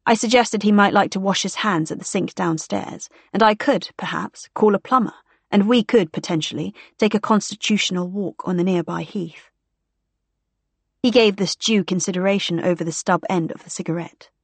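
A woman's voice: mid-range voice, moderate pace, vocal fry, breathy edge, no room sound. A woman narrating a story in the first person, in a wry, dry storytelling manner. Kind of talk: audiobook narration.

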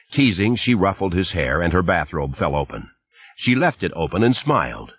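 Deep husky male audiobook narrator. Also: sing-song, normal speed, no echo, lo-fi sound. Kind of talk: scripted narration.

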